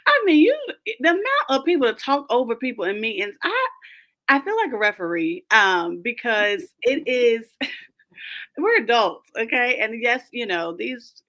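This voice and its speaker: A woman coach speaking emphatically as a roundtable guest, animated and often laughing as she makes her points. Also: a little high, measured pace. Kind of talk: roundtable conversation.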